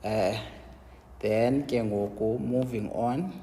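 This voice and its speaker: Mixing Xhosa and English, a South African engineering lecturer explains his lesson step by step, checking in with "yabo?" as he answers his own questions. His voice is warm and medium-pitched, with a long reverb tail and slight background noise.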